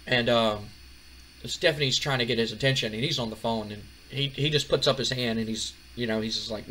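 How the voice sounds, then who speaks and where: A man narrating a game playthrough in a loose, chatty way, full of fillers and restarts. His voice is bright, with a faint hiss behind it. He speaks at a mid pitch. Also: brisk, low-quality recording. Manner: chatty, rambling, many fillers. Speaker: gaming channel host.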